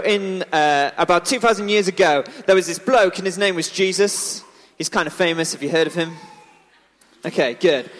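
Playful storyteller for a church children's talk; high voice, big hall reverb. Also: male voice. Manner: chatty, playful, asks the audience questions. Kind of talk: lively storytelling to a congregation. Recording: echoey hall.

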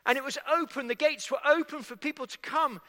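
Brisk and sharp, a man's very high voice carries through a sermon delivered to his congregation. His style is conversational, posing questions to the listeners, and long reverb fills the echoey hall.

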